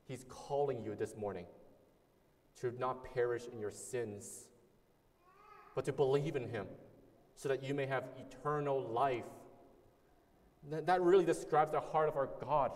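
Earnest male preacher in a reverberant hall. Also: a little high. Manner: earnest, emphatic preaching with repetition and restarts. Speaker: pastor. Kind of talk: sermon.

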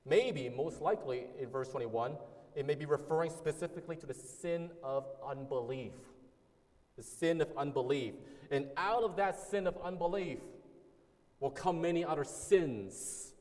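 A man's voice: a little high, moderate pace, a little mellow, in a large hall. A man preaching a sermon as a pastor, earnest and emphatic, repeating key words and sometimes restarting phrases.

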